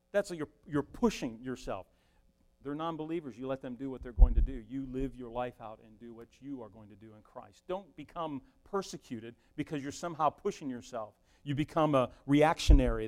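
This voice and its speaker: A middle-aged man preaching a sermon as pastor, swinging from loud emphasis down to a near-whisper. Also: medium pitch.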